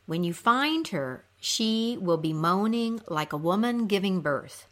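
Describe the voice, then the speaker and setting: A wise, calm male god laying out a plan, voiced by a woman storyteller in her own voice. He speaks slowly and steadily. His tone is patient and instructive. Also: mid-range voice.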